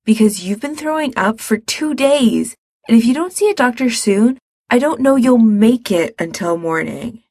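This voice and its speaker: A woman's voice: a little high, expressive, normal speed, darkish tone, no room sound, studio quality, pitched above the performer's own voice. A woman reading aloud, voicing a determined young man who speaks firmly and bluntly. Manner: firm, blunt.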